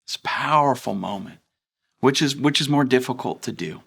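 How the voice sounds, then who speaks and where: A man's voice: mid-range voice, lively intonation, normal speed, creaky, fairly bright tone, husky. Young man, pastor, earnest, conversational sermon, fillers and restarts. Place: church.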